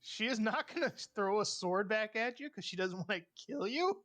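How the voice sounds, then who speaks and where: A man's voice: sits high, expressive, normal speed, a bit bright. A man running a tabletop game as dungeon master, laughing often and restarting his sentences.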